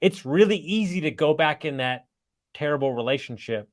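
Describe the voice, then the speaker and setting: A man guesting on a podcast, telling stories in a blunt, energetic way and swearing freely, heard over a video call. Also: a little high, normal speed. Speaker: podcast guest, entrepreneur and coach. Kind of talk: casual storytelling.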